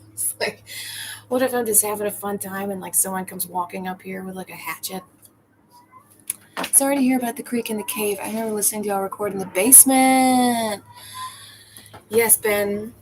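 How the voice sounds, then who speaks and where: A woman's voice: mid-range voice, a little hiss or hum, rough recording. A woman bartender chatting casually to viewers on a livestream, laughing often and swearing freely. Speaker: bartender and comedian hosting a livestream.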